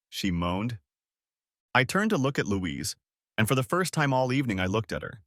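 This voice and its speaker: A man narrating a first-person audiobook story in a steady, expressive way. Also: fairly low pitch, a little fast, no echo, clean studio sound.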